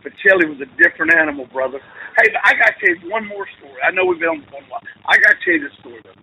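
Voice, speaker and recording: Man, middle-aged coach, gravelly voice, lively storyteller who acts out the quotes, a higher voice for a man. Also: racing, poor audio. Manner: animated storyteller acting out quotes. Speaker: football coach, interview guest. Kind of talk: casual storytelling interview.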